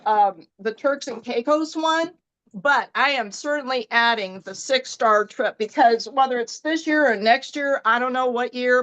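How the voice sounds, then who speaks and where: A middle-aged woman giving an animated motivational team talk, acting out her own thoughts as she tells stories. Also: sits high. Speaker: team leader in direct sales.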